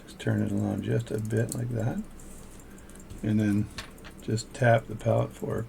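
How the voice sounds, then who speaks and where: Gravelly older man narrating watch repair. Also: lowish voice, level tone, a little slow, a little mellow, slight background noise. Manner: casual, chatty, thinks aloud between tasks. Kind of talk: narrating repair work as he goes. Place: home workshop.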